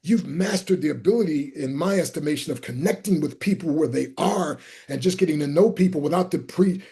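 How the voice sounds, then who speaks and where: A middle-aged man telling personal stories in an interview, acting out the people in them and sometimes shouting. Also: a little high. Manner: acts out voices in his stories, sometimes shouting. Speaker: guest speaker. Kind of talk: animated storytelling.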